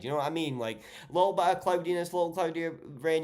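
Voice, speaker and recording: A man's voice: fairly high pitch, fast, hardly any pauses, darkish tone. A young man with a Geordie northeast English accent, chatting casually and swearing freely as a streamer reading viewer messages. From northeast England. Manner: sweary, blunt, joking.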